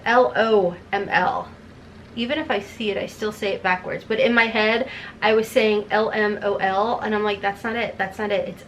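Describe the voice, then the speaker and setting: A woman's voice: a little high, fairly bright tone, a little hiss or hum. A woman, chatting casually through a makeup tutorial in a rambling, self-deprecating way. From Kentucky. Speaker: beauty vlogger.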